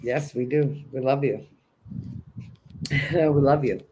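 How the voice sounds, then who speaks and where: A man's voice: medium pitch, slow pace, a little mellow, slight background noise. A man hosting a spiritual livestream, giving an earnest, encouraging self-help talk that keeps circling back to the same key phrases.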